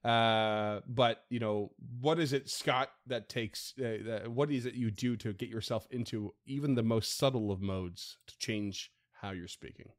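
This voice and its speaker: A man's voice: lowish voice, measured pace, few pauses. A man who runs the game, chatting casually on a podcast, rambling with frequent restarts and laughs. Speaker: game master.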